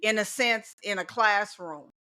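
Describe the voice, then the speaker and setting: Emphatic bright-voiced woman. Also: mid-range voice, a little slow. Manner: emphatic, repeats key phrases. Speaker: teacher and guest. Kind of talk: casual podcast conversation.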